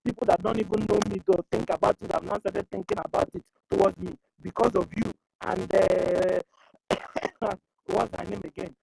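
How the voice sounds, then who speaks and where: A woman's voice: medium pitch, fairly even intonation, normal speed, gravelly, dark tone, rough recording. A woman speaking on an online group call, rambling and repeating "you understand?". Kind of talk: emotional call-in speech.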